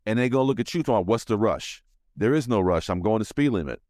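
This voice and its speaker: A man with a lowish voice hosts a podcast and tells stories in a profane, animated way. The recording is dry and close. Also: fast, no room sound. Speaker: podcast host. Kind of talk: casual chat.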